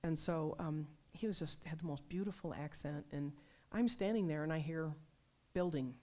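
Woman preacher, low voice, conversational sermon, animated storytelling. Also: normal speed. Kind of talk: sermon with personal stories.

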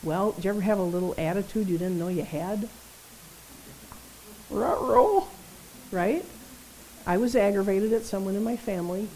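A woman preaching a sermon in a conversational, animated way, often checking in with her listeners. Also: mid-range voice, fairly quick, a little hiss or hum, poor audio. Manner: conversational, animated, tag questions.

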